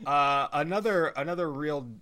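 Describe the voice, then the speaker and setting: A man with a bright, forward voice chatting casually about a show. He retells scenes with plenty of "like" fillers and laughs often along the way. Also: fairly high pitch, moderate pace. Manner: animated retelling, many "like" fillers, frequent laughter. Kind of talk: casual chat.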